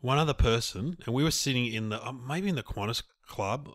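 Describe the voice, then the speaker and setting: A man, co-hosting a podcast and telling animated stories, laughing as he goes. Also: medium pitch, a little fast, no echo, studio quality. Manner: animated anecdotes, laughs through his stories. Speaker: podcast co-host. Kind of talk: casual chat.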